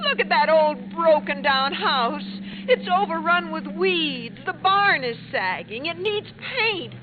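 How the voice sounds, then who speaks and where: A fretful, whiny grown daughter pleads in a very high, lively voice. She speaks slowly in a 1950s radio comedy. The old broadcast sounds thin and tinny. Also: noisy background.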